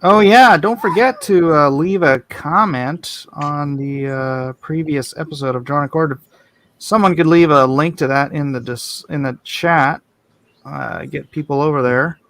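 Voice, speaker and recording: Male stream host, somewhat higher voice, wry and half distracted as he draws. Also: unhurried, fairly bright tone. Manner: chatty, wry and distracted while drawing. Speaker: host drawing on a live stream. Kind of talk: casual stream chat.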